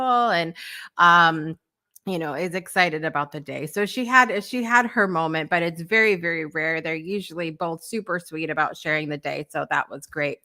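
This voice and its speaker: A woman's voice: lowish voice, moderate pace, pushed and bright. A woman hosting a morning talk show, chatting casually with lots of fillers and frequent laughter. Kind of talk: casual chat.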